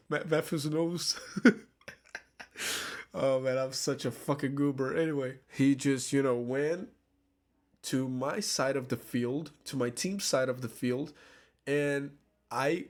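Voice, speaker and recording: A man telling a story to camera in a casual, rambling way, swearing often, laughing at himself and restarting his sentences. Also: mid-range voice. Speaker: vlogger.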